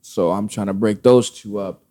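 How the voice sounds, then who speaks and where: A man casually telling a personal story, candid and animated, acting out the dialogue. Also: fairly low pitch, moderate pace. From Brooklyn, New York family roots.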